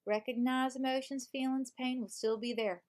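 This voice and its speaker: A woman's voice: high-pitched, fairly even intonation, moderate pace, natural voice. A woman reading a self-help book aloud in a put-on American Southern accent, voicing an earnest advice-giving woman. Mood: preachy. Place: home live stream.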